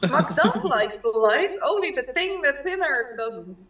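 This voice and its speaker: A woman's voice: high-pitched, sing-song, unhurried, a bit bright, reverberant, recorded from a distance, muffled recording. A woman playing a tabletop game, chatting playfully about her character's spell. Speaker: player. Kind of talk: casual tabletop play.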